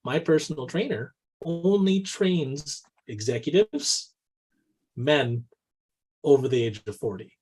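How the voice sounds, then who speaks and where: Husky man, animated business podcast talk. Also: a little high, slow pace. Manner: animated, says "right?" constantly, acts out quoted dialogue. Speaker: co-host. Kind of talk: casual business podcast chat.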